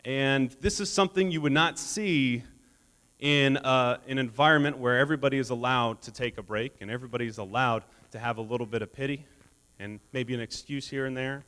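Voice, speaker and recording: A man's voice: medium pitch, fairly quick, bright, forceful tone. A man giving a motivational keynote speech, telling stories with humor and laughing at his own jokes. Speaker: keynote speaker. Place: conference hall stage. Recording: long reverb of a large hall.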